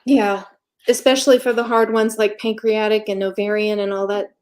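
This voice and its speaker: A woman telling her own story as an interview guest, candid and matter-of-fact, pausing often and filling gaps with ums. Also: mid-range voice, level tone, darkish tone. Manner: halting, with frequent pauses and fillers. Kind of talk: casual conversational storytelling.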